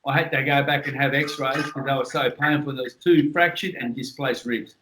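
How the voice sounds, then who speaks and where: An Australian man telling a story in a casual chat, animated and acting out the people in his stories. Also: mid-range voice, normal speed, a little hiss or hum. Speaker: guest, former boxer.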